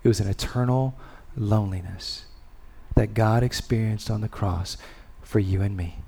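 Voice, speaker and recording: A man preaching a sermon and leading a prayer, speaking with long pauses and letting phrases fall soft and low. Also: breathy edge. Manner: slow, deliberate delivery with long pauses and soft endings; rises in intensity on key words, then drops low. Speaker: pastor.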